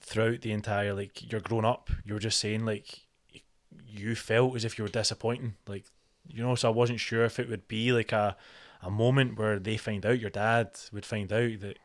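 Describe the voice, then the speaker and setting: A man's voice: lowish voice, flat delivery, normal speed, hardly any pauses. A man hosting a podcast, asking loose conversational questions full of fillers. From Scotland. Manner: conversational, rambling questions with many likes. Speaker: podcast host. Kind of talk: casual interview.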